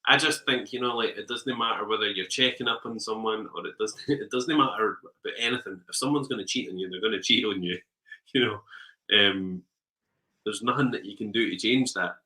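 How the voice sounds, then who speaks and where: A man's voice: fairly low pitch, a little fast, bright, forceful tone, poor audio. A man co-hosting a casual chat, telling rambling stories with frequent laughs and ums. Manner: rambling storyteller, laughs often, trails off with ums. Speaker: podcast co-host.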